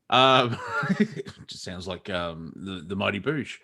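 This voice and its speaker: A man's voice: low voice, lively intonation, takes it slowly, vocal fry, pushed and bright. A man co-hosting a comedy show, chatting casually, laughing often and rambling through restarts. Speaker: comedy podcast co-host.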